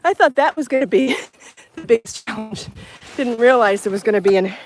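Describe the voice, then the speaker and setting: A chatty woman with a fairly high voice talks into a phone she holds in her hand as she walks outdoors, short of breath and laughing often. A faint outdoor hiss sits under her voice. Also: lively intonation, fairly quick. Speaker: podcast host on a live stream. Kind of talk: casual live vlog while walking a bike. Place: outdoors on a path to a beach. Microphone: phone held in hand.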